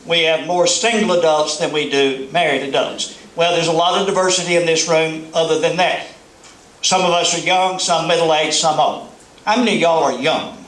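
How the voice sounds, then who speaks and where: A man's voice: on the high side, fairly even intonation, normal speed, a bit bright, reverberant, slight background noise, low-quality recording. A middle-aged man from the American South with a Southern accent, giving a folksy, joking keynote speech to a live audience. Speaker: motivational speaker. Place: large hall before a live audience.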